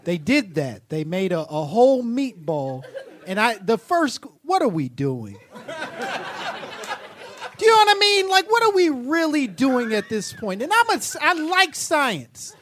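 A man's voice: very high voice, sing-song, a little slow, a bit bright, a faint crowd. A man riffing as a guest on a comedy podcast, exasperated and profane. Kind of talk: casual comedic chat.

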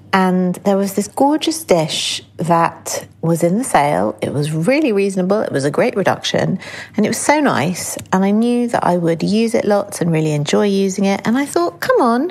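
A woman's voice: on the low side, gravelly, breathy edge. A middle-aged woman co-hosting a podcast, telling stories in casual chat, candid and swearing freely. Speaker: podcast co-host.

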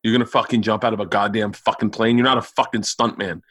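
A man's voice: lowish voice, steady tone, quick pace, breathy edge, no room sound, clean studio sound. A man putting on his older father as a furious, foul-mouthed dad ranting at his son. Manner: ranting, profane, shouting.

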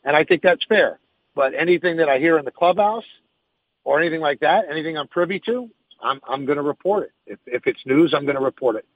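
A man's voice: fairly high pitch, expressive, fast talker, no echo, narrow, tinny audio. A man who hosts sports radio, answering interview questions frankly and emphatically, thinking aloud as he goes.

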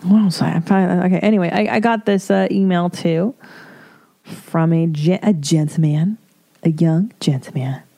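A woman with a lowish, gravelly, warm voice speaks a little slowly as she hosts a casual solo podcast. She reads from an article and breaks in with blunt, profane, laughing asides.

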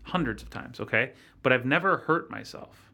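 A man guest on a podcast telling a personal story in a halting, earnest way, with many restarts. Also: medium pitch, animated, creaky, sharp tone. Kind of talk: casual storytelling.

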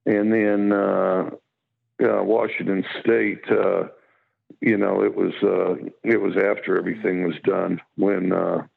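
A football coach from Wyoming with a drawl, answering in a halting way full of fillers and restarts. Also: male voice, low voice, little pitch movement. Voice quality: gravelly. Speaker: college football coach, guest. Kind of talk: phone interview. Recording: tinny phone line.

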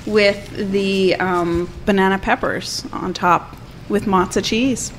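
A woman's voice: medium pitch, fairly even intonation, takes it slowly, a little hiss or hum, poor audio. A woman who owns a cafe and cooks there, chatting with enthusiasm about her food and laughing often on a food show. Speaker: cafe owner and cook. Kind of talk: casual chat on a food show. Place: restaurant.

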